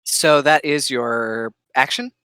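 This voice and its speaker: Smooth-voiced game master with a dry sound. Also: mid-range voice, takes it slowly, pushed and bright, dry recording. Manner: patient, checks rules aloud while narrating. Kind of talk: running a tabletop game over voice chat.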